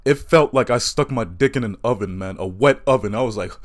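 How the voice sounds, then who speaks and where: A man's voice: mid-range voice, brisk. A man doing a stand-up comedy routine, telling crude, self-mocking stories.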